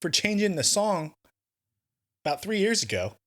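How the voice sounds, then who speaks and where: Man in his forties, podcast co-host, lively swooping pitch, profane storyteller. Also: moderate pace. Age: 40s. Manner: profane, animated storytelling, swings from mumbled to loud. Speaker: podcast co-host, jiu-jitsu black belt. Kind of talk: casual podcast banter.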